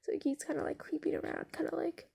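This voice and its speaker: A woman's voice: high voice, little pitch movement, fast, vocal fry, dark tone. A woman telling an improvised story in a casual, rambling way, full of fillers and swearing.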